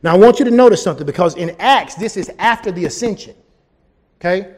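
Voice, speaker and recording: High-voiced preacher with drawl. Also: male voice, quick pace. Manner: animated preaching, rising to shouts. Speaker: pastor. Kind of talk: sermon.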